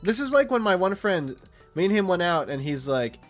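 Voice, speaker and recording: A streamer in his late twenties rambles and swears through casual gaming chat, telling stories in an animated way. His voice sits high at a normal speed, with faint music behind him.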